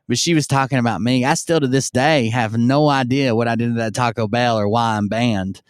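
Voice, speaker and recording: A man with a medium-pitched, clear, resonant voice rambles through a long, profane story on stream, acting out the yelled lines of the people in it. His intonation is fairly even and his pace fairly quick. The clean studio recording has no room sound.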